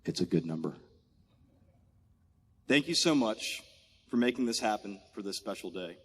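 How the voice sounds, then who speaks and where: Man in his forties, low voice, heartfelt commander's farewell speech, close to tears, long hangar echo. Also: expressive, normal speed, husky. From Maryland, USA. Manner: heartfelt, emotional, thanking people one by one. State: fighting back tears. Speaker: outgoing military squadron commander. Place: large aircraft hangar at a ceremony.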